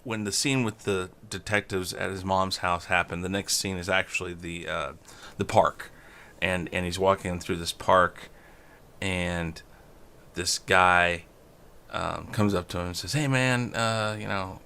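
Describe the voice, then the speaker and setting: A man's voice: low-pitched, level tone, unhurried, creaky, sharp tone, clean tone. A man co-hosting a movie review show, retelling scenes casually and acting out the characters' lines. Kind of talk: casual film discussion.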